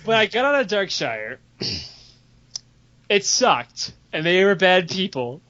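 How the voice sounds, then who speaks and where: A young man with a fairly high voice rattles through a story, swearing freely and slipping into the voices of the people he quotes. The podcast audio is dull and lo-fi. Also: slow pace. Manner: animated, profane, laughing while telling, acts out quoted voices. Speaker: podcast co-host telling stories. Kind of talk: casual storytelling chat.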